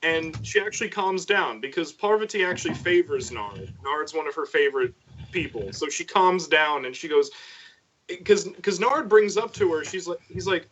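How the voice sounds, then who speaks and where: A man on a casual podcast stream, retelling a myth in lively detail and briefly voicing the characters as he goes. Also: a little high, moderate pace. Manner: animated storyteller, voices characters in passing. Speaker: co-host. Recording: dull lo-fi sound.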